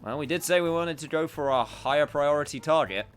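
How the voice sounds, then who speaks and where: A man's voice: a little high, fairly quick, clear, resonant tone. A man casually commenting on a game stream, joking and self-mocking. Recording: game music playing behind.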